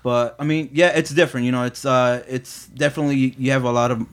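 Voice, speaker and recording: A man's voice: mid-range voice, steady tone, quick pace. A man talking casually about his workplace, rambling with lots of fillers. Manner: rambling, heavy on fillers and "you know". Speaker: employee. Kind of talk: casual chat.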